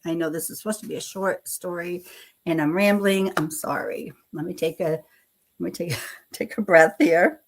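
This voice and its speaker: A woman's voice: on the low side, moderate pace. A middle-aged woman hosting a casual live stream, rambling, self-deprecating, laughing often and swearing freely.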